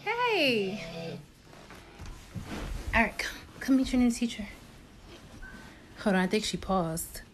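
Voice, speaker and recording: A woman's voice: a little high, very animated, slow pace, pauses often, faint music behind. A mother coaxing her child to greet a teacher in a casual home prank video. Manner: coaxing, urging a child to talk. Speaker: parent.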